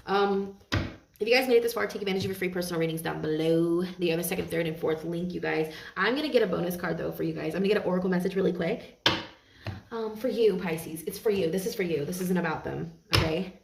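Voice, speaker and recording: A woman's voice: fairly low pitch, animated, fairly quick, vocal fry, slight background noise. A woman giving a tarot reading to her viewers, earnest and heartfelt, often repeating and restarting her phrases. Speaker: tarot reader. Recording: roomy echo, mic at a distance.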